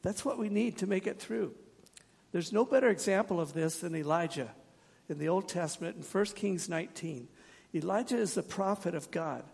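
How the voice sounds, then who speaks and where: A man's voice: high-pitched, normal speed, gravelly, darkish tone, husky, long reverb tail. A man preaching a sermon in an earnest, direct way, asking his congregation questions and slipping in wry jokes. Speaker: pastor.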